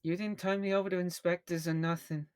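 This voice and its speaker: Brief: man playing a scrappy street kid in a tabletop game, voice pushed up higher, slipping accent. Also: normal speed, natural voice. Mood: earnest. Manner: accent keeps shifting. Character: young street kid, cheeky, ex-pickpocket.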